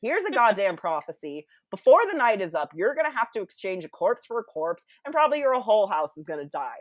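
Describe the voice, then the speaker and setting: A woman's voice: mid-range voice, big pitch swings, fast, no echo. A woman putting on an exasperated old male prophet in a fed-up, snappy outburst.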